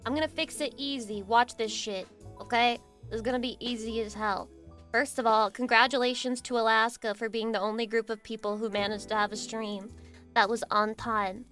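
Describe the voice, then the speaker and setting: A young adult woman, a VTuber streamer, chatting casually with her chat in an excitable, crude, self-mocking way. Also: on the high side.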